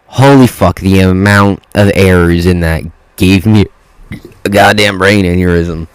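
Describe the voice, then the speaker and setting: A man's voice: sits low, level tone, unhurried, clear, resonant tone, dry recording, rough recording. A man reading Reddit posts aloud in a casual way, stopping to swear and react to the text. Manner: swears freely, reacts to typos mid-read. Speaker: reddit story reader.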